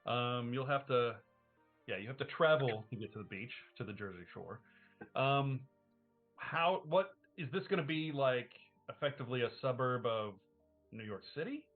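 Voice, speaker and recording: A man runs a tabletop game session in a relaxed, conversational way, tossing questions to the table. His voice comes through thin and phone-like. Soft music plays underneath. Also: medium pitch, normal speed. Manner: easygoing, asks the table questions. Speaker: game master. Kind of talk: casual tabletop game planning. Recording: tinny, phone-like stream audio.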